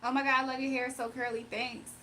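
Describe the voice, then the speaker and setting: A woman's voice: sits high, level tone, fast talker, sharp tone, slight background noise. A young woman on a livestream, reading viewer comments aloud and answering them bluntly and confrontationally. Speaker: livestreamer giving spiritual readings.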